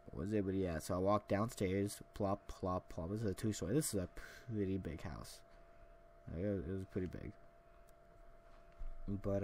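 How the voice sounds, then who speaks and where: A man's voice: low voice, warm tone, a little hiss or hum. A young man hosting a solo podcast, telling a long casual story with many fillers and restarts. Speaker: podcast host.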